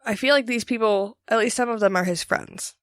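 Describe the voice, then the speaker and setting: A woman's voice: on the high side, dry recording, clean studio sound. Blunt, profane female podcast co-host. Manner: blunt, profane, quick asides. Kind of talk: casual book-discussion chat.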